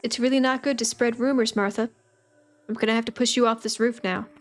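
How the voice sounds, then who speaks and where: A woman voicing a calmly menacing young man while reading game dialogue aloud. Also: on the high side, a little fast, lightly acted. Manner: calm and threatening.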